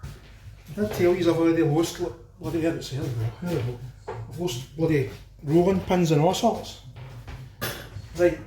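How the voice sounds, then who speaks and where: A Glaswegian man talks viewers through his cooking in a home kitchen, exclaiming over every bite. His voice sits a little high but sounds mellow. The room is echoey, with a faint hiss behind him. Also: moderate pace, pauses often. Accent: Glaswegian Scottish. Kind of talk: casual cooking commentary to camera.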